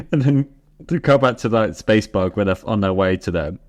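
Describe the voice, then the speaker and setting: A man's voice: fairly low pitch, animated. A man co-hosting a podcast, recapping a sitcom with lots of giggling and acting out bits of dialogue. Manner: giggly, acts out lines in quick voices. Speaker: podcast co-host. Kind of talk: casual chat recapping a sitcom.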